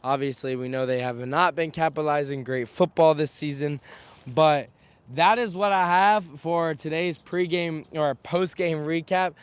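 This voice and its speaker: Outside a stadium in the wind, a young man talks to a camera on a stand for a live sports recap, energetic, chatty and rattling off stats. His voice, slightly high and a little slow, is smooth and recovering from mild scratchiness, with no room sound.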